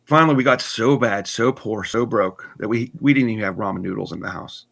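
Earnest man with a bright voice. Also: on the low side, creaky, breathy edge. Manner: earnest, halting with restarts and repeats. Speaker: guest telling his testimony. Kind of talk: personal story in conversation.

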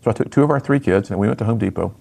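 A man's voice: on the low side, racing, vocal fry, a little mellow. A middle-aged man, a speaker and author, telling his personal story earnestly in an interview.

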